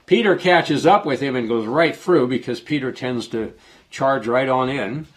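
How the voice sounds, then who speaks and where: A man's voice: mid-range voice, normal speed. Man explaining scripture in a sermon. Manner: reads scripture aloud, then explains it in a conversational way; unscripted, with restarts and self-corrections. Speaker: preacher. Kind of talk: sermon, Bible study.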